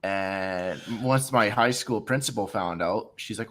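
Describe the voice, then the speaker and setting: A man hosting a casual panel chat, telling lively stories and acting out the people he quotes. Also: on the low side, a little slow, hardly any pauses. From small town. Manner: animated storytelling, acts out quoted people. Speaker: panel host.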